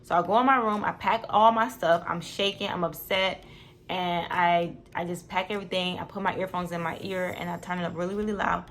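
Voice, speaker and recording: Fast-talking young woman vlogger. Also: lowish voice, a little hiss or hum. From Detroit. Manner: animated, swears freely, acts out quotes. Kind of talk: casual storytime.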